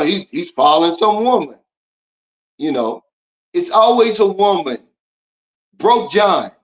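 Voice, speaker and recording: A livestream host with a voice a little high for a man answers viewer comments casually, bluntly lecturing his audience. The recording sounds dull and lo-fi.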